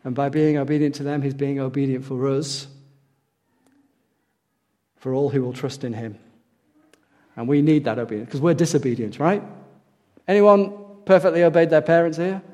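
Animated male preacher in a reverberant hall. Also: medium pitch, normal speed, long pauses. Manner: animated, rises for emphasis and drops to a hush, asks the audience questions. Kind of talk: sermon to a congregation.

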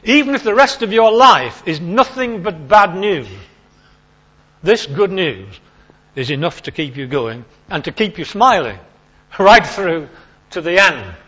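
Male preacher, informal chatty sermon, emphatic repetition, slightly high voice, muffled lo-fi sound. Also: expressive, unhurried, fairly bright tone, breathy edge. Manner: chatty, emphatic, repeats key phrases. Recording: lo-fi recording.

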